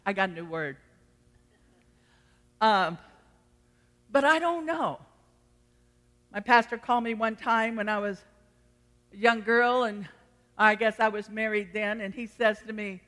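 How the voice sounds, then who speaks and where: A middle-aged woman pastor preaches to her congregation with a bright, forceful voice. She is emphatic and slips into the voices of the people she quotes. Her words ring out with a long reverb from the church hall. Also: mid-range voice, a little slow, long pauses. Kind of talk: sermon. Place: church sanctuary.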